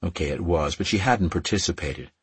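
A man reading romance fiction aloud as an audiobook narrator, in a measured, softly emotive way. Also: deep voice, husky, no room sound.

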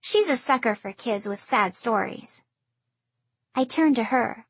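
A woman narrating a first-person audiobook in an even storytelling delivery. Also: on the high side, unhurried, slightly rough, no room sound.

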